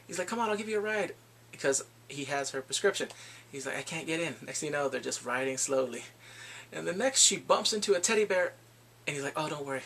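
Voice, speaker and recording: A man casually retelling a movie's plot in a rambling, excitable way, acting out the characters' lines. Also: on the high side, gravelly, a little hiss or hum. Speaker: movie reviewer. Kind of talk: casual movie review vlog.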